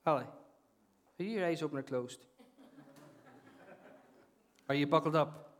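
A man with a Northern Irish accent preaching a conversational, animated sermon in a church, often repeating his phrases. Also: a little high, a little slow. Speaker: pastor.

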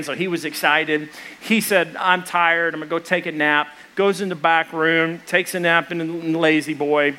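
Bright high-voiced preacher man. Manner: storytelling with animated retelling of dialogue. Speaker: pastor. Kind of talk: sermon with personal story.

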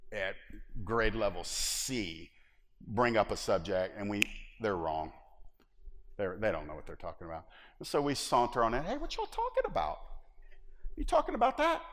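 A middle-aged man pastor preaching a sermon in a church, animated and humorous, acting out little scenes as he goes. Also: on the low side, long reverb tail.

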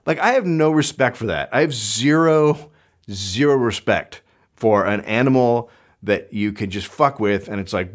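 Alone at a studio microphone in his home closet studio, a man hosts a podcast with a profane, sarcastic, rambling comedic monologue. His voice is medium in pitch and very animated, at normal speed.

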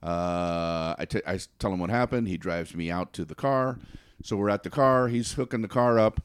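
In a dry recording, a storyteller with a clean, low-sitting voice relates a funny anecdote in a casual way. He keeps tripping over his words, repeating himself and laughing throughout.

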